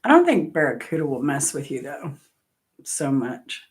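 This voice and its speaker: A woman's voice: very deep voice, sing-song, moderate pace. A woman hosting a trivia channel, chatting casually and wandering through travel anecdotes, correcting herself as she goes. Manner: rambling travel anecdotes with self-corrections and laughs. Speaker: host of a music trivia channel. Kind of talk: casual chat.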